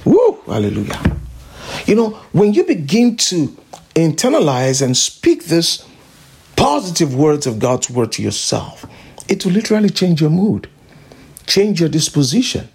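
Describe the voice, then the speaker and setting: Husky, gravelly-voiced woman preaching emphatically. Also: sits low, big pitch swings, measured pace, darkish tone. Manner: emphatic, repeats declarations over and over. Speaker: pastor. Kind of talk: sermon.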